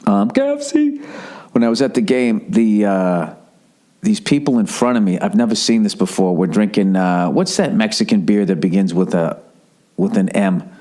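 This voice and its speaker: A man's voice: fairly low pitch, moderate pace, mellow. A man hosting a podcast, telling a long story in a profane, rambling way. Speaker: podcast host. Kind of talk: casual podcast monologue.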